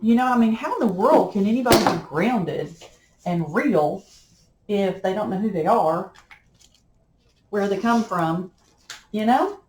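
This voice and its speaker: Slow, rambling woman crafting. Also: mid-range voice, animated, a little mellow, a little hiss or hum. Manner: rambling, folksy, chatty. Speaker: crafting vlogger. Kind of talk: casual chat while crafting. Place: home craft room. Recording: echoey room.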